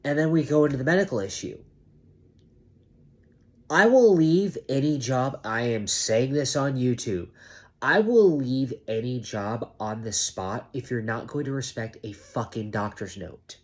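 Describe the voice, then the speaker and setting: A security guard venting to his camera, half awake, emphatic and cursing on purpose, often mimicking managers in a high mocking voice. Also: lively intonation, moderate pace, breathy edge.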